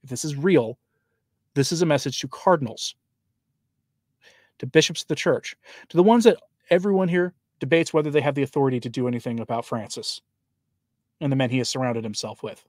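A man reading a long message aloud in a solemn, emphatic way with grave pauses, then breaking off to add his own commentary as host. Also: medium pitch, darkish tone, no room sound, clean studio sound. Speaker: host of a traditionalist Catholic commentary channel.

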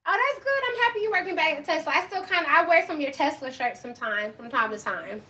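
Brash high-pitched young woman streamer. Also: animated, fast talker, dull audio, crowd noise. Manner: loud, brash and joking, laughs often. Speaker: livestream host. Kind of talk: casual livestream chat with viewers.

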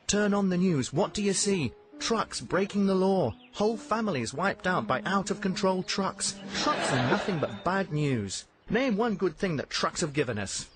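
Man doing a gruff, sulky engine car for a comic storybook, grumbling and a bit raised in pitch, with music under it. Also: lively intonation, moderate pace. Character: grumpy bigoted male engine car.

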